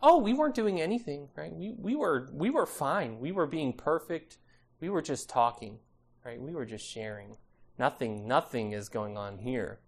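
A man's voice: mid-range voice, animated, moderate pace. A man voicing squabbling children who insist they were doing nothing wrong. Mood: sheepish. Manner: sheepish, protesting, quieting down. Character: squabbling kids feigning innocence.

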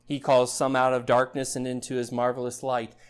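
A man preaching a sermon in an earnest style, building up loud passages and then dropping low and quiet. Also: monotone, fairly quick, smooth. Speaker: pastor.

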